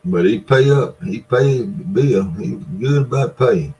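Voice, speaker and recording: A man's voice: medium pitch, expressive, measured pace, mellow, low-quality recording. A man telling a folksy story in casual talk, laughing often as he spins his yarn. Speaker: storyteller, former store owner.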